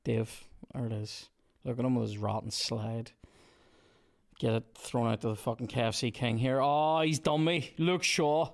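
A Northern Irish man hosting a podcast, chatting casually and swearing in excited bursts while playing a football video game. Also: mid-range voice, normal speed, gravelly. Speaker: podcast host. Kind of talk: casual gaming chat and commentary. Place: indoors with a small audience.

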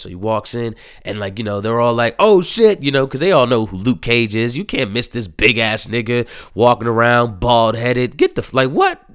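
A man's voice: medium pitch, fairly bright tone, clear, resonant tone, no echo, studio quality. A man giving a casual spoken review of a TV show, rambling and profane, with many fillers.

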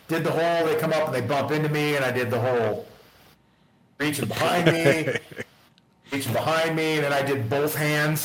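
A podcast guest with a slightly high, somewhat bright voice tells rambling stories in casual conversation, often laughing and acting out the dialogue. The room he's in sounds echoey.

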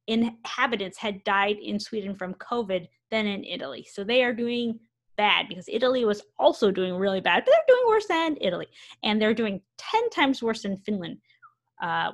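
Woman on a chat podcast reading news and riffing, casual and chatty. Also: mid-range voice. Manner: conversational, reads quotes, self-correcting asides. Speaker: podcast co-host.

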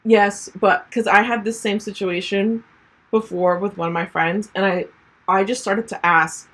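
A young woman in her twenties co-hosting a podcast, chatting casually and telling animated stories with a husky voice. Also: mid-range voice, unhurried. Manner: chatty, animated storytelling with laughs. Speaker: podcast co-host. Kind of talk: casual chat.

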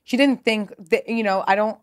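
A woman's voice: medium pitch, normal speed, clear, resonant tone. A woman in her thirties from California, a guest telling stories in a casual, rambling way with lots of "like" and casual swearing. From Pasadena, California. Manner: chatty, rambling, heavy use of "like", swears casually. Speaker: guest, clothing brand founder. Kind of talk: casual interview storytelling.

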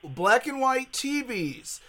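Excitable high-voiced man, rambling. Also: takes it slowly. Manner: excitable, rambling with many restarts. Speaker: podcast co-host. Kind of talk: casual chat.

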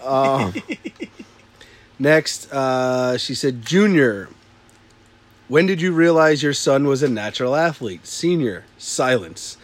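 Slow-talking man reading comments, laughing. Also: mid-range voice, lively intonation. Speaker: podcast co-host reading listener comments. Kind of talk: casual chat.

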